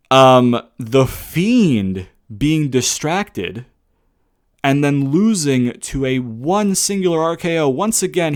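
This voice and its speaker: A young man ranting about a show in a casual, heated review, swearing often and throwing in rhetorical questions. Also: medium pitch. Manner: profane, heated ranting with frequent "brother" and "right?". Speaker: wrestling reviewer.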